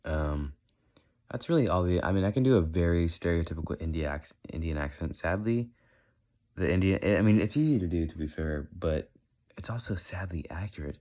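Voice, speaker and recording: A man's voice: sits low, expressive, a little fast, a little mellow. An American man chatting casually in a walk-and-talk vlog, rambling and questioning himself as he goes. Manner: rambling, self-questioning, slips in and out of mock accents. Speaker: vlogger.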